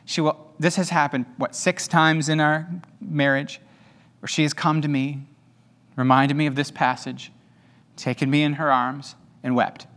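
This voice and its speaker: A man preaching a sermon as pastor to an audience, animated and conversational, with humorous asides. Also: fairly high pitch, measured pace. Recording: long hall reverb.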